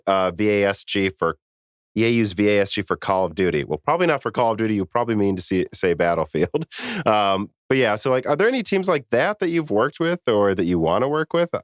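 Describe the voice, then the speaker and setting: A man's voice: lowish voice, no room sound, studio quality. A man hosting a podcast interview, reading listener questions aloud and chatting casually. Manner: reads listener questions, quick asides. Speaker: podcast host.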